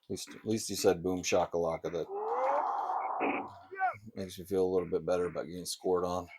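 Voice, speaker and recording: Jokey low-voiced man playing retro games. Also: level tone, brisk, a little hiss or hum. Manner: jokey, sarcastic, loud outbursts at the game. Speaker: gamer. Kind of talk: casual gameplay commentary.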